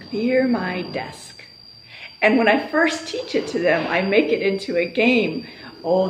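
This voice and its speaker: A woman teacher explaining classroom attention getters in a calm voice, breaking into loud sing-song calls to her class. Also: a little high, a little hiss or hum. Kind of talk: instructional talk on classroom routines. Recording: echoey room.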